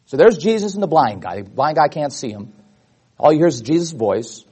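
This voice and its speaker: A man's voice: mid-range voice, normal speed, slightly rough. A man preaching a Bible teaching sermon to his congregation, acting out the voices of people in the stories. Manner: animated, acts out voices in the stories.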